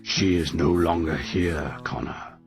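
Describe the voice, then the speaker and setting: A man voicing an ancient yew tree monster that speaks slowly and gravely. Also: deep voice, steady tone, soft background music, pitched below the performer's own voice. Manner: slow, grave, measured.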